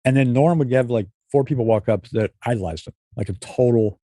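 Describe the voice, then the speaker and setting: A man guest on a comedy podcast, a comedy writer telling rapid, animated anecdotes and acting out the dialogue. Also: mid-range voice, dry recording, studio quality. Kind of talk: anecdotal storytelling.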